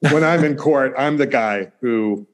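Brisk male interview host. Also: mid-range voice. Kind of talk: casual interview talk.

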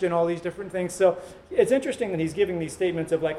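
A man's voice: on the high side, quick pace, mellow, a little hiss or hum. A male pastor preaching a sermon in a conversational way, with joking asides to the congregation.

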